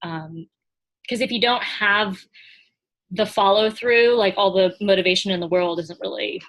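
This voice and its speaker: A woman's voice: medium pitch, a little slow, a bit bright. A woman being interviewed on a podcast about running her small business, talking casually with lots of fillers and little laughs. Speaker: podcast guest, small business owner and coach.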